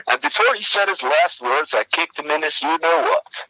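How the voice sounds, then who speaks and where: A young man co-hosting a comedy podcast, telling a rambling story with many halting restarts. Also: on the high side, very animated, vocal fry, bright, forceful tone, poor audio. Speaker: podcast co-host.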